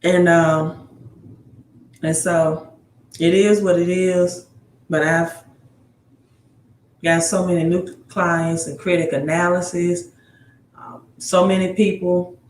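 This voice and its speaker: A man's voice: high-pitched, flat delivery, slow pace, long pauses, slight background noise. A man hosting a casual livestream on credit advice. He greets viewers by city, reads their comments aloud and reads news items aloud, often adding "right?", and he sounds tired. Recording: roomy room with faint ambience.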